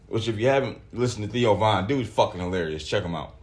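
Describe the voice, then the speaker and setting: A man hosting a solo podcast, talking casually with lots of swearing and reading articles aloud in an animated way. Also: on the low side, moderate pace. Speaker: podcast host.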